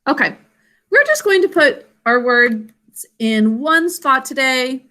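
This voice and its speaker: A woman's voice: high-pitched, expressive, slow pace, sharp tone. A woman teacher giving a spelling lesson, explaining patiently step by step and encouraging her students. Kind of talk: classroom instruction.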